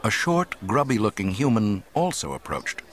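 A man narrating an adventure story aloud in an expressive, dramatic reading style. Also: fairly low pitch, normal speed. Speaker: audiobook narrator. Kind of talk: scripted narration.

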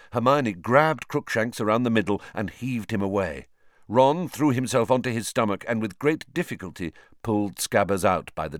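A man reading a children's novel aloud in an animated, dramatic storytelling manner. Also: on the low side, dry recording, studio quality. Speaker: audiobook narrator. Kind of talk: scripted narration.

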